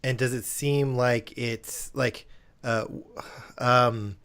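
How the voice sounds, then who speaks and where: A man's voice: mid-range voice, steady tone, slow, a bit bright. A man playing a tabletop game, hesitant and full of fillers. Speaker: player.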